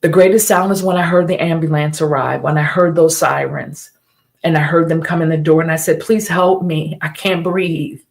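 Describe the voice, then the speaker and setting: A woman's voice: deep voice, fairly even intonation, fairly quick, gravelly. A middle-aged woman hosting a live stream, telling a personal story in an earnest, emphatic way and repeating key phrases.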